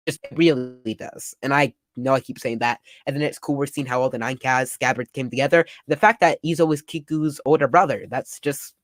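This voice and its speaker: A young man reading and reacting to a comic chapter in casual talk, excitable and full of "like". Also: a little high, no echo. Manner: excitable, summarizing panels with frequent "like". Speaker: manga reaction youtuber.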